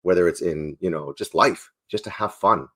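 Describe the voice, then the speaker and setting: A man in his forties, a sales trainer and former pastor, answering interview questions in a playful, energetic way. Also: deep voice, moderate pace.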